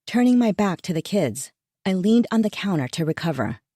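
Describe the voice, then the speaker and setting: A woman reading a first-person thriller audiobook in a measured, tense, inward storytelling manner. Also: mid-range voice, sing-song, dark tone, no echo, studio quality. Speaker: audiobook narrator.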